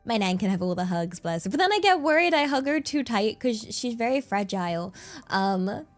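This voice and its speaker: A woman's voice: mid-range voice, very animated, normal speed, soft background music. A young woman streaming from her desk microphone, chatting casually in a rambling way and laughing often. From England. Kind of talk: casual chat.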